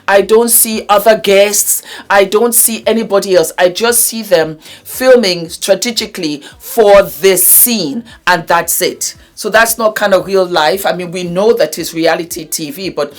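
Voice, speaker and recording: A woman casually recapping a reality show, animated and laughing often as she acts out what people said. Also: mid-range voice, unhurried.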